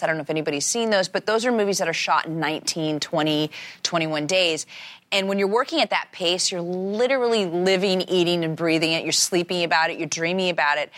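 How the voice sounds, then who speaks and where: An actress in her forties chatting in a talk-show interview, telling animated stories and acting out the quotes. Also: fairly low pitch. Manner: animated storyteller, acts out quotes. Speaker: actress guest.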